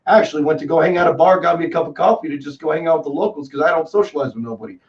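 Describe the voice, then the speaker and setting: A man in his twenties with a Texan accent, a guest talking in a rambling, excitable way and calling people dude and man. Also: fairly high pitch, racing. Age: 20s. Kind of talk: casual chat. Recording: distant, dull lo-fi call audio.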